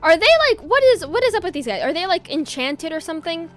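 A woman's voice: very high-pitched, sing-song, quick pace, fairly bright tone. A woman streaming a video game, chatting along and bursting into startled shrieks. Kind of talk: live gameplay commentary. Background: faint game music.

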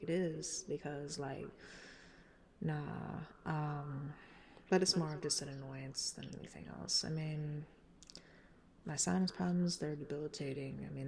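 A woman's voice: low-pitched, gravelly, darkish tone, a little hiss or hum. A stuffed-up woman with a smoky voice, coughing now and then, chatting in a rambling, laid-back way before a song. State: stuffed up from allergies. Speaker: singer introducing a cover. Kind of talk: casual chat.

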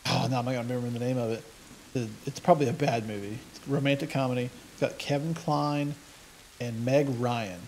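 A man's voice: medium pitch, fairly even intonation, a little fast, darkish tone, a little hiss or hum. Rambling, chatty man gaming. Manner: rambling, chatty, wanders off on tangents; earnest, swears casually. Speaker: let's play gamer. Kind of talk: casual gameplay commentary.

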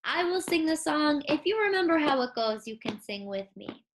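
A young woman teaching a recorded music lesson to kindergarteners, speaking slowly and clearly, coaching them and singing simple songs. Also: high voice, sing-song, slight background noise. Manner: slow, clear and encouraging, speaking to young children; sings simple songs and gives call-and-response prompts.

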